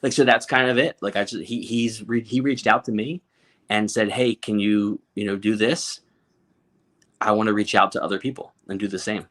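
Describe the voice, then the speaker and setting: A man with a lowish voice talks as a guest on a podcast. He is candid and jokes a lot, restarting his sentences as he goes. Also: fairly quick, a bit bright. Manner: candid, joking, with frequent restarts. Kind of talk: casual podcast conversation.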